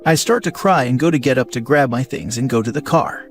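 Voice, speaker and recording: A man narrating a first-person story in an even, conversational reading style. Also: mid-range voice, fairly quick. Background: faint music.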